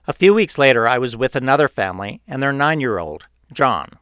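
A man's voice: medium pitch, animated, fairly bright tone, clean tone, no echo, clean studio sound. Earnest man narrating an audiobook. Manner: earnest, measured storytelling. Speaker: author reading his own book.

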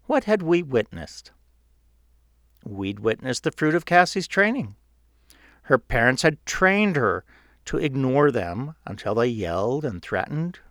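A man's voice: mid-range voice, big pitch swings, a bit bright, dry recording, clean studio sound. Earnest man narrating an audiobook. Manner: earnest, measured storytelling. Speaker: author reading his own book.

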